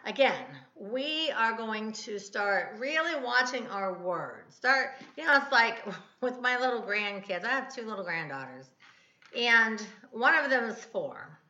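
A woman's voice: on the high side, lively intonation, unhurried, pushed and bright, reverberant, highs cut off. A woman in her fifties, a podcast host rambling and correcting herself in a casual devotional talk. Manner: chatty, rambling, self-correcting.

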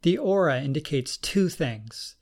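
A man's voice: a little high, animated, measured pace, pitched above the performer's own voice. Audiobook: male narrator plays a composed woman aura expert, level and explanatory. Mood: thoughtful. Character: woman psychic aura analyst, calm, analytical.

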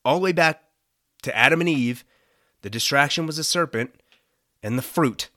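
A man's voice: a little high, moderate pace, no echo, studio quality. A man hosting a Christian podcast, talking in an earnest, conversational way. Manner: earnest, conversational, expressive rises and dips. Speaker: podcast host. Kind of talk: casual devotional podcast talk.

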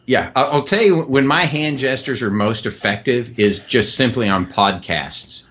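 A man's voice: medium pitch, measured pace, fairly bright tone. A man joining a podcast as a guest, bantering and joking in a loose, playful way. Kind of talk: casual interview chat.

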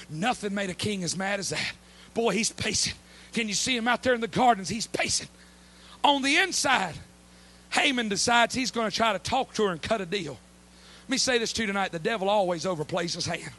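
A man's voice: high voice, normal speed, bright, forceful tone, no room sound. A man preaching a sermon, telling the story dramatically in folksy speech.

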